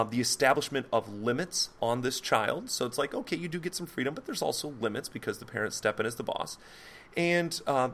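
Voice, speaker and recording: A man's voice: medium pitch, fairly bright tone. A man hosting a solo podcast, explaining a psychology topic in a loose, rambling way with many fillers, self-corrections and jokey asides. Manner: jokey asides, mock French accent on foreign words. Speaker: podcast host. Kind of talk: casual solo podcast lecture.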